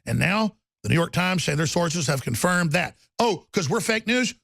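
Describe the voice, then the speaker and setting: A man hosting a political talk show, ranting rapidly and heatedly with stammering restarts. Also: high voice, big pitch swings, creaky, fairly bright tone, no echo.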